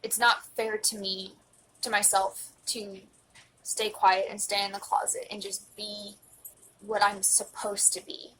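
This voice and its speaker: A young woman in her twenties talks straight into her phone in a heartfelt confessional vlog. Her voice stays fairly level and unvaried in pitch while she fights back tears, sometimes sinking to a near whisper, with a faint hiss of noise underneath. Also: fairly even intonation, unhurried, fairly bright tone, low-quality recording. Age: 20s. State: emotional, close to tears. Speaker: vlogger.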